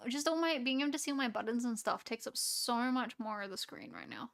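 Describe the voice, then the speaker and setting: A woman's voice: a little high, lively intonation, quick pace, creaky. A woman with an Australian accent, chatting casually on a live stream in a rambling way, often laughing and trailing off. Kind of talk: casual chat with a live audience.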